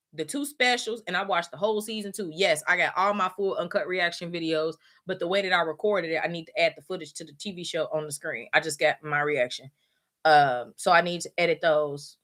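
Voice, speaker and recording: Brief: woman host, bright voice, blunt profane rant. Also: lowish voice, brisk. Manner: blunt, profane, emphatic ranting. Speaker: podcast host. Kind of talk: casual chat.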